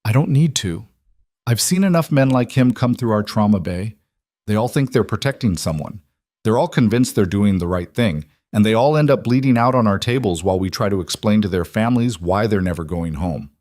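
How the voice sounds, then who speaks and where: A man's voice: fairly low pitch, animated, fairly quick, a little mellow, dry recording, studio quality, close to an everyday voice. A man voicing a blunt, scolding middle-aged woman nurse in a storybook reading. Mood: stern.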